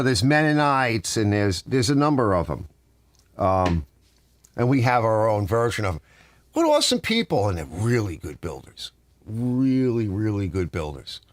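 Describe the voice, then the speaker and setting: A middle-aged man chats on his live stream from a home garage, rambling and ranting as he answers viewers. His pitch jumps around a lot, and the sound is close and dry. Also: no room sound. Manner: rambling, ranting, reading out chat.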